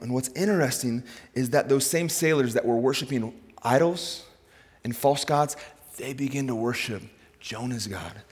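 Man preaching in a reverberant hall. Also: medium pitch. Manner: dynamic preaching, swings between soft asides and raised emphasis. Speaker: pastor. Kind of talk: sermon. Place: large hall with a congregation.

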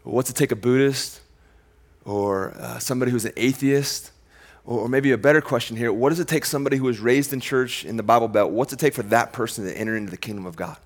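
Male pastor, sermon, mid-pitched voice, emphatic bursts, quiet slow stretches, casual conversational phrasing. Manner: emphatic preaching, swinging between loud declarations and quiet, slowed passages.

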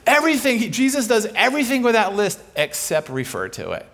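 High-voiced storytelling preacher man. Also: huge pitch swings, fairly quick, hardly any pauses, fairly bright tone. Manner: acts out the people in his stories. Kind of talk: animated sermon storytelling.

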